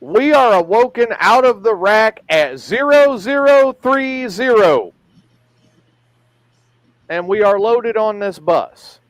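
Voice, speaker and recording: Host, man, high lively voice, emphatic and profane, dry sound. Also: measured pace, few pauses, no room sound. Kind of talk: casual storytelling.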